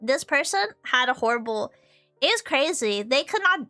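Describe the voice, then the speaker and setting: A young woman chats on a stream, high-pitched and lively, her voice leaping up and down as she tells stories. The tone is bright and clear, and laughter keeps spilling into the talk. Faint music plays softly behind her. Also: moderate pace. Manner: animated storytelling, frequent laughter. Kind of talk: casual chat.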